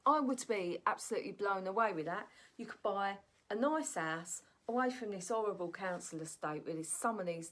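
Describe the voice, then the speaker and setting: A woman's voice: fairly low pitch, fairly bright tone. A woman vlogging in a chatty, ranting monologue, often tossing in "right?" asides. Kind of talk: casual opinion monologue.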